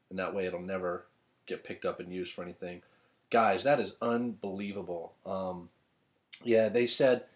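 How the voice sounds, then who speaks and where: Excitable man unboxing gifts at home. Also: lowish voice. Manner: excitable, rambling, self-deprecating jokes. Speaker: author unboxing fan gifts. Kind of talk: casual unboxing vlog. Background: thunder and a dog's collar.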